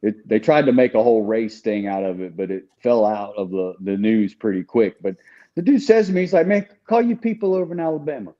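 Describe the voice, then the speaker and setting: Male guest with a mellow, dark tone, earnest and candid, recorded on dull lo-fi audio. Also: fairly low pitch, animated, a little fast. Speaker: guest telling his story. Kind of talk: casual conversation.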